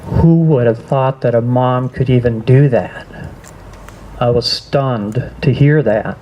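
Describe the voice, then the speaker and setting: A man's voice: mid-range voice, lo-fi sound, slight background noise. Earnest older man giving testimony. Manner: halting, earnest, with restarts. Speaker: guest speaker. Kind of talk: personal testimony speech. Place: school assembly.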